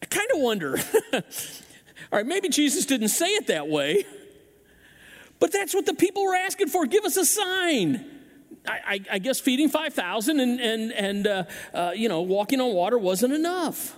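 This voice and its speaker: A man's voice: very high-pitched, moderate pace, long reverb tail. A man preaching a sermon as pastor, telling stories with acted-out voices and often restarting his words. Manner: animated storytelling with acted-out voices; frequent restarts and repeated words. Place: church sanctuary.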